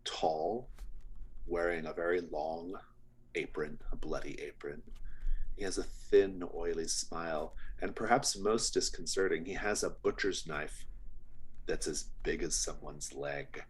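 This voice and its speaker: A man narrating as game master of a tabletop game in a relaxed, chatty way. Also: sits low, breathy edge. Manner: slow, relaxed and chatty with fillers.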